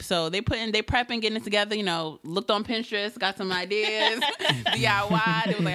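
A woman's voice: medium pitch, a little fast, few pauses, pushed and bright, soft background music. A woman co-hosting a casual recap podcast, retelling the plot in a loose, chatty way full of fillers. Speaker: podcast co-host.

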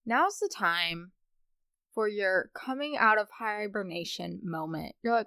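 A woman's voice: mid-range voice, lively intonation, measured pace, creaky, pushed and bright, clear, resonant tone, dry recording, clean studio sound. A young adult woman hosting a casual solo podcast, chatting in a rambling way with playful asides. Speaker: podcast host.

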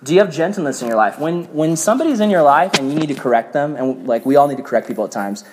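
A young man giving a casual sermon to a youth group, telling stories in an animated way with many filler "like"s. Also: a little high, quick pace, background noise. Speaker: youth pastor. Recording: reverberant hall.

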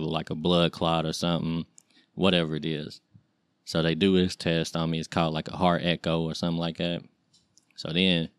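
A man in his late thirties talks through his own story in a very deep voice. His delivery is loose and rambling, full of slang and fillers, and his pitch barely moves. The recording is dry and close, with no room sound. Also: no echo. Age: 30s. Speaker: podcast host. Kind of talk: casual personal storytelling.

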